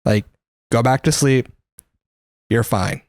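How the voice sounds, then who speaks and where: A man's voice: medium pitch, slow, dry recording. Blunt young man, dry close sound. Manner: blunt, matter-of-fact storytelling with swearing. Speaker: podcast co-host. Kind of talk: casual podcast chat.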